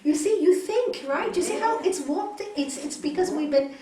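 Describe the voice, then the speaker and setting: A woman teaching a spiritual yoga course to a small group, talking in a lively way and acting out what other people say. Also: very high-pitched, normal speed. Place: yoga hall, indoors. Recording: echoey hall, mic far off, faint hiss.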